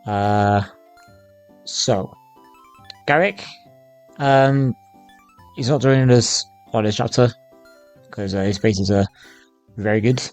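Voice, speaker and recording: A man with a croaky voice casually commenting on a game, halting and rambling with many pauses. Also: fairly low pitch, faint music behind. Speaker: let's play host.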